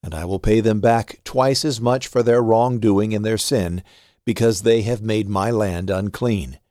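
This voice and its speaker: A man reading Bible passages aloud in a measured, steady way. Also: on the low side, dry recording, studio quality. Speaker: scripture reader.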